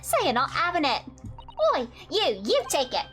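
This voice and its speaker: A woman's voice: sits high, sing-song, normal speed, music in the background. A woman voicing a scrappy street girl. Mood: defiant. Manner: blunt, streetwise slang. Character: scrappy young street urchin girl, defiant.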